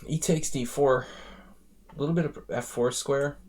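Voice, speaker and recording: A man's voice: mid-range voice, fairly even intonation, normal speed, a little mellow. Chatty American man streaming chess. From United States. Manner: rambling, chatty asides between chess moves. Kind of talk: live-stream commentary while playing.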